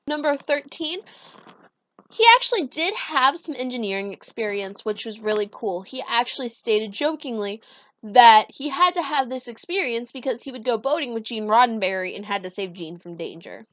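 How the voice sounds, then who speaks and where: A young woman vlogging casually, running through a list of facts, chatty and enthusiastic, with fillers and quick self-corrections. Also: sits high, a bit bright, no room sound, dull audio. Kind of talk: casual countdown vlog.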